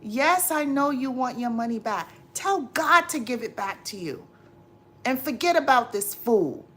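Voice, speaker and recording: A woman's voice: fairly high pitch, big pitch swings, a little slow, fairly bright tone. A woman hosting a livestream, chatting casually to viewers, exasperated and preachy, repeating herself. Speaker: livestream host. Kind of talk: casual live chat, advice to viewers.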